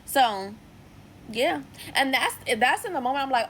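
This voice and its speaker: A young woman casually recapping a TV episode, chatty and full of "like" and lively asides. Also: high voice, measured pace, a little hiss or hum, rough recording. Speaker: TV series reviewer. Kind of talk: casual episode review vlog.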